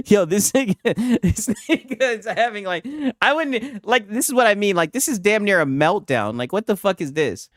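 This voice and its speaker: A man's voice: high voice, animated, normal speed, fairly bright tone, no echo, clean studio sound. A man streaming casual reaction commentary, laughing and swearing as he mocks a clip. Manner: profane, laughing, mocking.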